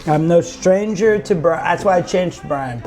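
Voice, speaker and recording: A man's voice: a little high, measured pace, darkish tone, soft background music. A man in a casual chat over drinks in a bar, rambling and restarting his sentences. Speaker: guest. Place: bar or pub.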